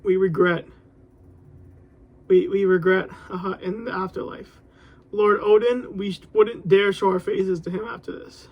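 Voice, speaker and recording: A man's voice: high voice, little pitch movement, a little slow, highs cut off, voice pushed down. A man voicing a loyal, grave male samurai retainer from a comic, speaking solemnly and pleading.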